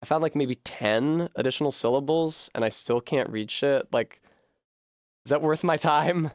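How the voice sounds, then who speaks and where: Animated male streamer chatting while gaming. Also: fairly high pitch, normal speed, dry recording, studio quality. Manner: animated, swears freely, thinks aloud to chat. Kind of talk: casual live-stream chat while gaming.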